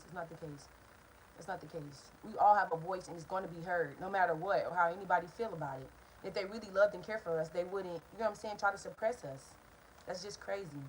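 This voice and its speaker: A young woman tells a story for her vlog at a quick clip. She is talkative and rambling, blunt and profane, and keeps drifting off topic. She talks straight to her viewers in a casual way. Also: on the low side, slight background noise, poor audio. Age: young adult. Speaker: vlogger.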